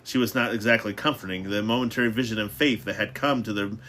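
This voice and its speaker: A man's voice: on the low side, fast, sharp tone, slight background noise. A man reading a novel aloud, with frequent stumbles and restarts. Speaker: reader.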